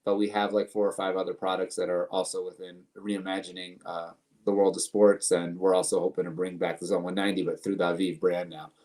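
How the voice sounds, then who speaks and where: A man from the United States speaks as a guest in a casual interview, his voice low and held in a narrow, even range. He answers earnestly, stacking long lists of tasks and repeating words as he goes. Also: a little fast. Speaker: guest, company co-founder.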